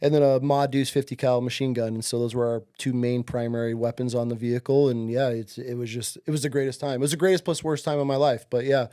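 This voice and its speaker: A man's voice: mid-range voice, steady tone, fast, few pauses, warm tone, smooth. A man in his forties from upstate New York, a podcast guest telling stories in casual chat. He swears freely and acts out the people in his stories. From upstate New York, USA. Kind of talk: casual storytelling.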